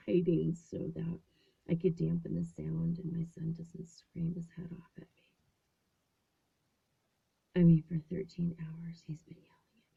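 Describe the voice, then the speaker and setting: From a small closet at home, a woman in her fifties hosts a show and tells a story in a chatty, casual way, acting out the voices of people she quotes. Her voice is low, gravelly and mellow with a breathy edge, and the sound is narrow, like a phone.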